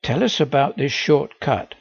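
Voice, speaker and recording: A woman's voice: extremely low pitch, lively intonation, a little slow, no room sound, dull audio, exaggerated voice. A man reading aloud and voicing a stern, sarcastic woman schoolteacher who scolds a daydreaming pupil. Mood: brisk stern. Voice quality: sarcastic, crisp and commanding. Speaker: teacher.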